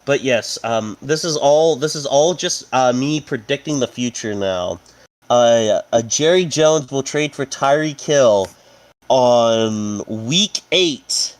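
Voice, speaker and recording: A man's voice: medium pitch, takes it slowly. A young man cohosting a casual sports podcast, joking and rambling with lots of fillers. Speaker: podcast co-host.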